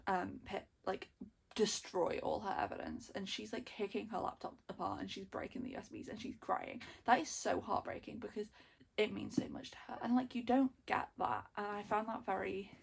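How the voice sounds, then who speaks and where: A young woman, chatting excitedly about books in a casual reading vlog, gushing and repeating herself. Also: mid-range voice, moderate pace, creaky, breathy edge. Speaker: book vlogger.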